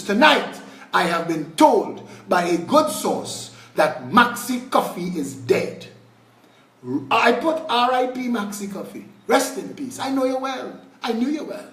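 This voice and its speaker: Fiery Trinidadian man, high voice, roomy. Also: animated, measured pace, far from the mic. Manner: fiery, indignant, swings between shouting and low muttering. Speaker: political party leader. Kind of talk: impassioned live video address.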